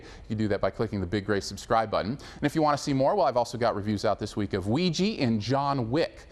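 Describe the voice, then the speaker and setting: A man hosting a scripted movie review, wry and upbeat in delivery. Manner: lively, wry delivery with big pitch swings.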